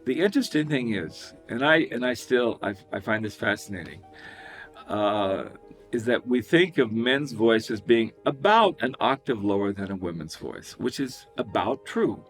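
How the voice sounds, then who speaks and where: Lively male vocal coach. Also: normal speed, faint music behind. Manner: animated, demonstrates with high falsetto whoops and laughs. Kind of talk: singing lesson with sung demonstrations.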